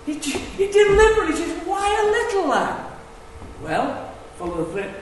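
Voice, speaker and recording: At a moderate pace, a high-pitched preacher's sermon swings widely in pitch, dropping into hushed remarks before swelling into loud, emphatic declarations. Captured from a distance in an echoey hall with long reverb, the clip also carries slight background noise.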